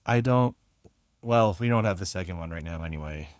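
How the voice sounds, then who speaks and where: A man's voice: low voice, animated, brisk, no echo, clean studio sound. A man co-hosting a casual podcast from his own room, easygoing, laughing often and talking with hesitant fillers. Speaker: podcast co-host. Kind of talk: casual chat. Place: own room, recording remotely. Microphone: remote recording app.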